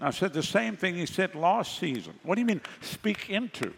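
Gravelly preacher man in a reverberant hall. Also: sits high, sing-song, normal speed, few pauses, slight background noise. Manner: conversational preaching with sarcastic asides. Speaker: pastor. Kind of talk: sermon.

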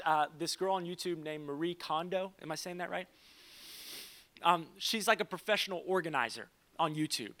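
A young man preaching a sermon as pastor, in a casual, conversational way with quick asides and stories told for laughs. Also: high-pitched, fairly bright tone.

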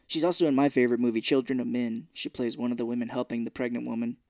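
A man's voice: medium pitch, level tone, fast talker, a little mellow, dry recording, studio quality. Casual man recapping a movie. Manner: retells scenes doing brief character voices. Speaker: podcast co-host. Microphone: podcast microphone.

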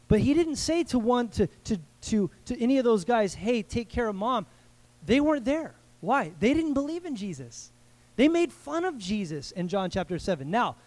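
A middle-aged man with a high voice preaches at a church service. He talks to the congregation in a relaxed, conversational way, with playful asides and frequent restarts. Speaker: guest pastor. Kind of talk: sermon.

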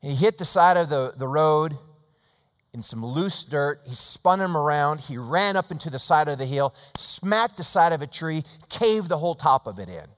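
A middle-aged man preaching in a church, his voice carried by a long, ringing reverb. He tells his story with dramatic swings, rising to loud emphasis and then falling to a hushed, close tone. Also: fairly high pitch, animated, normal speed. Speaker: pastor. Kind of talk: sermon. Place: church sanctuary.

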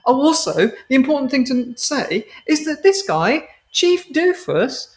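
A woman's voice: high voice, sing-song, unhurried. Exasperated sweary woman podcaster. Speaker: podcast co-host. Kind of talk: casual chat.

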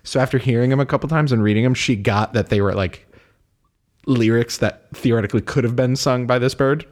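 A man's voice: medium pitch, fairly quick. A man co-hosting a podcast, chatting casually and rambling with lots of "like" and frequent laughter. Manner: rambling, fills speech with "like", laughs often. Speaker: podcast co-host. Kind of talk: casual chat.

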